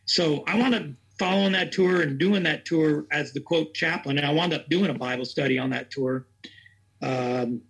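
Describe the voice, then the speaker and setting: Husky man telling a story. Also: a little high, normal speed, fairly bright tone. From Tennessee. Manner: rambling, earnest, acts out the voices of others. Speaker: racing chaplain. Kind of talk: storytelling in an interview.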